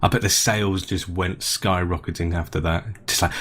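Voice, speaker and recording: A man's voice: sits low, steady tone, normal speed, fairly bright tone, husky. A man co-hosting a gaming podcast in casual chat, rambling and restarting his sentences. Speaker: podcast co-host.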